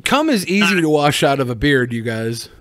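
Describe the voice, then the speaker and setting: A man co-hosting a podcast, tossing in quick wisecracks and laughing easily. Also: fairly high pitch, big pitch swings, fairly bright tone. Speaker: podcast co-host. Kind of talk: casual podcast banter.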